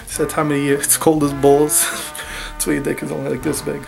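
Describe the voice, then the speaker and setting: A man with a raised, raspy voice delivers a profane, taunting comedy rant about colognes, jabbing at the listener over and over. Music plays clearly in the background. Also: a little high, monotone, fairly quick. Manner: profane, taunting, rhetorical "huh?"; raspy, losing his voice. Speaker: fragrance reviewer. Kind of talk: crude comedic product review.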